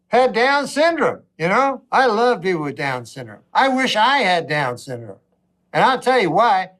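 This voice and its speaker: A man delivers a stand-up monologue in a dry, deadpan drawl. He rambles from thought to thought, lets long pauses hang, and slips into little acted-out exchanges before dropping back to his flat tone. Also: high-pitched. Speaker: comedian.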